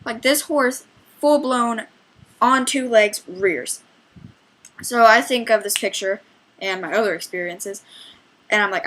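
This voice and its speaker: A woman's voice: a little high, measured pace, pauses often, fairly bright tone, poor audio. A young woman who works as a trail guide, chattily retelling a trail ride with lots of quoted back-and-forth. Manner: chatty, rambling retelling with many quoted exchanges. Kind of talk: storytelling vlog.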